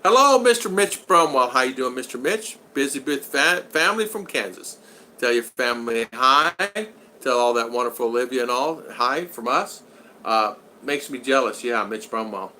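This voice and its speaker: Bright-voiced man hosting a live chat. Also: mid-range voice, moderate pace, slight background noise. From United States. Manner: chatty, greets viewers by name, reads chat aloud. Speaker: vlogger hosting a live stream. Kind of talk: casual live-chat talk.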